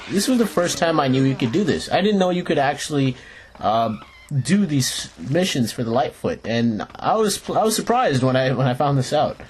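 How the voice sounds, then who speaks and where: A young man hosts a let's play in a mid-range voice, with a little hiss or hum on the recording and game music in the background. Playful and jokey, he rambles, restarts his sentences, and talks to the characters on screen.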